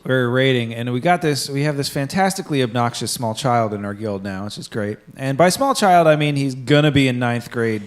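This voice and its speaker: A man's voice: medium pitch, a little fast, hardly any pauses. Rambling young man, swearing casually. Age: 20s. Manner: rambling storyteller, swears freely, acts out quoted people. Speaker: podcast co-host. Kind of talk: casual chat.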